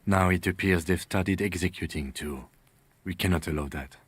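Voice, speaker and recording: A man playing a calm, formal police lieutenant who speaks in a precise, measured way. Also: low-pitched, slightly rough, no room sound.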